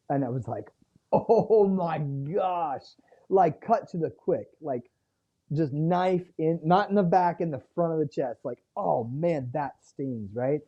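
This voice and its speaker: A man's voice: fairly high pitch, mellow. A man appearing as a guest author, telling a personal story in an earnest, reflective way and chatting casually. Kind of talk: casual interview chat. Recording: dull lo-fi sound.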